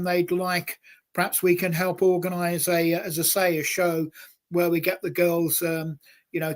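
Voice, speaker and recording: Male host, slightly higher pitch, halting and casual delivery. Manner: hesitant, many ums and restarts. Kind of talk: casual live-stream chat.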